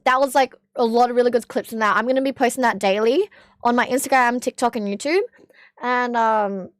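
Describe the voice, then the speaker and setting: A young woman from Australia streaming casually with a hoarse, strained voice, chatting, swearing and reading chat aloud. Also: a little high, dry recording, clean studio sound. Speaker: livestreamer.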